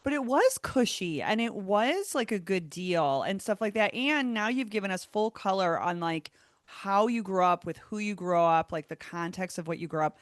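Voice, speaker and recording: A woman's voice: mid-range voice, animated, normal speed, dry recording, clean studio sound. A woman hosting a podcast interview, upbeat and chatty, often laughing along with her guest. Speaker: podcast host. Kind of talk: casual interview.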